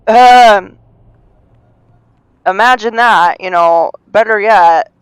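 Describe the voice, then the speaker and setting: A woman streaming a game live, talking through it in a rambling, self-mocking way and breaking into panicked yells. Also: on the low side, expressive, slow pace, no room sound, low-quality recording. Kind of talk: live gameplay commentary.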